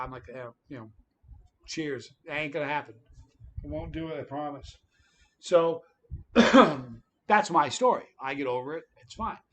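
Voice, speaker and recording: A man hosting a livestream, telling a story in a lively, casual way. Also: fairly high pitch, a little hiss or hum. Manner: animated, tells stories with quoted voices. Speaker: livestream host.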